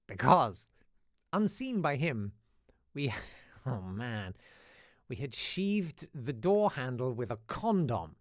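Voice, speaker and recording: A man hosts a casual chat show, reading out listener emails and telling school stories. His voice swings lively up and down, with lots of restarts and asides. The sound is close and dry. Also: mid-range voice, no echo. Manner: chatty and animated, with many restarts and asides. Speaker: host.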